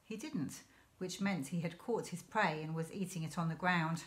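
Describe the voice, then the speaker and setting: Woman, teacher, reading a chapter book aloud, lowish voice, measured storytelling. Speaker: primary school teacher. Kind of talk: reading a children's novel aloud.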